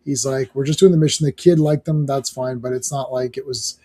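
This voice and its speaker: A man's voice: mid-range voice, fairly even intonation, brisk, mellow. A man in his thirties co-hosting a casual talk show about comic books, rambling and acting out lines from the pages. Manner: rambling, acts out quotes from the comic. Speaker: podcast co-host. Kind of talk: casual comic book discussion.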